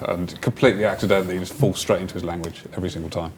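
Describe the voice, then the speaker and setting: Low-voiced man rambling through a story. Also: little pitch movement, rapid-fire, hardly any pauses, a little hiss or hum. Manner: rambling anecdotes, trails off quietly. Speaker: developer on panel. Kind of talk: casual panel chat.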